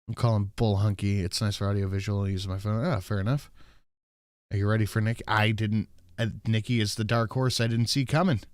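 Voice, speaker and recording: A man's voice: fairly low pitch, steady tone, a little fast, clean tone, no room sound, studio quality. A man hosting a livestream, chatting casually and cursing as he reads out viewers' messages. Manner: casual, profane, reads chat names aloud. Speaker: livestream host. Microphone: desk microphone.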